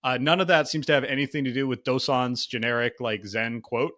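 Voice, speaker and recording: A man's voice: medium pitch, fairly even intonation, brisk, sharp tone. A man co-hosting a casual card game review podcast, thinking aloud with lots of fillers. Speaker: podcast co-host.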